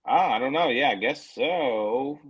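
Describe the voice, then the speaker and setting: A man co-hosting a podcast over a remote call, talking in a profane, animated way and mocking other people's voices. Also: mid-range voice, a little slow, a loud crowd, rough recording. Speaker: podcast co-host. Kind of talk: casual heated chat.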